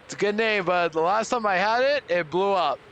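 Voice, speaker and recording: A young man streaming a game live, chatting with viewers and loudly overreacting to surprises. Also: high-pitched, lively intonation, a little fast, smooth, lo-fi sound.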